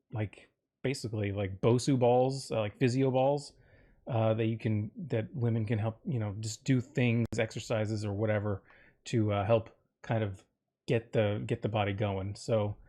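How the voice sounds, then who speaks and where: A man's voice: lowish voice, darkish tone. A man hosting a solo podcast, telling a personal story in a rambling, self-interrupting way with frequent fillers and jokes. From Florida, United States. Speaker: podcast host.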